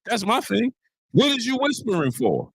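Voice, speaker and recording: A man's voice: high voice, moderate pace, creaky, breathy edge. A man hosting a casual live-streamed sports talk show, preaching his point with lots of repetition and greeting viewers in the chat. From New York. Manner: animated, preachy, repeats lines for emphasis, greets chat viewers.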